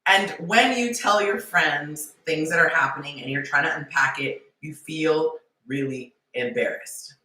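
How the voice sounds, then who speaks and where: A woman hosting a live-stream dating talk, playful and animated, acting out little scenes as she coaches. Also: low voice, distant mic. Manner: playful, acts out scenarios in quick character voices and whispers. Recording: echoey room, voice heard from off the mic.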